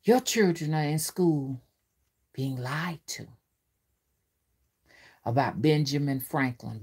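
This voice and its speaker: A woman's voice: deep voice, takes it slowly, long pauses, a little mellow, husky. A woman, a spiritual reader giving a profane, emphatic ranting monologue and often asking the listener whether they follow. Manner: profane, preachy, emphatic, asks the listener to agree.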